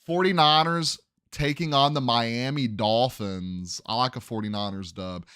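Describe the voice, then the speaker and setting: A man's voice: medium pitch, measured pace, fairly bright tone, smooth, no room sound, studio quality. A young man hosting a sports podcast, casually running through game predictions and thinking aloud as he second-guesses his picks.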